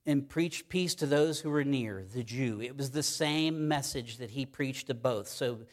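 A man preaching a sermon as pastor, stressing key phrases by repeating them and reading scripture verses slowly and deliberately. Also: medium pitch.

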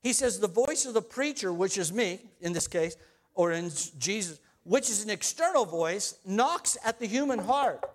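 High-voiced male preacher, emphatic sermon. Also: expressive, moderate pace. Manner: emphatic, repeating key phrases.

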